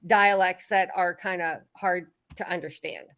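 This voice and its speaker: A woman's voice: on the low side, a little slow. A woman chatting casually, giggly and filling her talk with "like". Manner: lively, giggly, many "like"s. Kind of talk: casual group chat.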